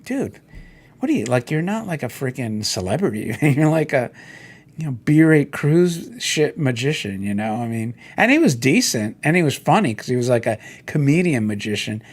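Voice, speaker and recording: A man's voice: mid-range voice, normal speed. A middle-aged man hosting a casual solo chat, rambling and telling stories while he browses toy listings. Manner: rambling, animated storytelling with quoted voices. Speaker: host.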